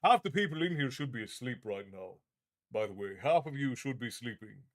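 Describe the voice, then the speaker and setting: A man's voice: mid-range voice, animated, a little fast. Easygoing man hosting a live chat. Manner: friendly and easygoing, stumbling restarts. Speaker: livestream host, tavern keeper persona. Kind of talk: casual livestream chat, reading viewer comments aloud.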